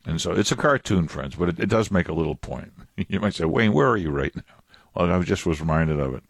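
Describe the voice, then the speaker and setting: A male pastor preaches in a relaxed, rambling way, drifting into side stories and chuckling at himself. His voice sits fairly low. The sound is dry and close. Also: quick pace, breathy edge, dry recording. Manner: casual, digressive, chuckling asides. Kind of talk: conversational sermon.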